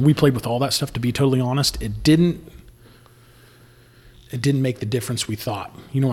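A distiller from Indiana tells stories in casual podcast chat, rambling with fillers and laughing often. His voice is fairly low with a breathy edge, and he sounds like he's in a large hall.

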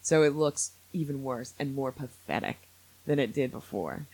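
A man hosting a podcast in casual chat, opinionated and animated, quick to laugh. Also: mid-range voice, breathy edge. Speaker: podcast host.

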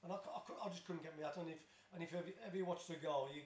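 A man in his fifties with a Black Country accent tells rambling stories at a brisk pace, restarting sentences and laughing along. His voice sits a touch high for a man. The room adds a noticeable echo around him. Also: steady tone, a little mellow. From Tipton, West Midlands of England. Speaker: guest, former footballer. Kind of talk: casual storytelling interview. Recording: roomy echo.

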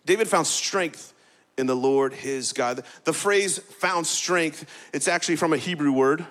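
A male pastor preaching a sermon in a lively, conversational way, often adding "right?" and getting the congregation to repeat words back. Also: fairly high pitch, measured pace. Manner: energetic, conversational preaching with frequent "right?" asides. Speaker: campus pastor.

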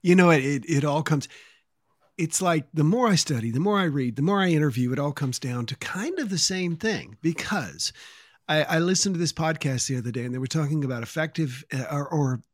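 A man's voice: fairly high pitch, lively intonation, brisk, no echo. Podcast host man with a dry sound. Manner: thinks aloud, restarts and lists. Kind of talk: interview conversation.

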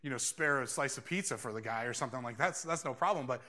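A man acting out an ordinary homeowner in a sermon, hesitant and stammering, in a lower voice. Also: fast talker, sharp tone, lightly acted. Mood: musing. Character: flustered ordinary male homeowner.

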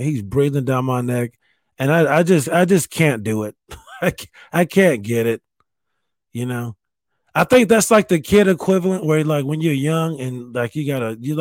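A man's voice: medium pitch, darkish tone, no echo. A man in his thirties hosting a casual solo podcast from a spare bedroom at home, rambling and swearing with self-mocking humor. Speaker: podcast host.

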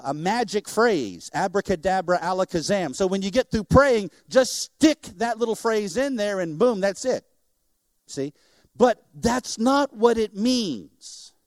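Animated man preaching a sermon. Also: high-pitched, no room sound, studio quality. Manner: animated, jokes with the congregation. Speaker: missionary preacher. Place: church before a congregation.

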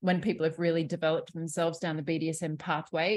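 Husky low-voiced woman, candid and animated. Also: fast. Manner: candid and animated, swears freely, laughs often. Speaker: sexuality coach. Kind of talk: casual podcast conversation.

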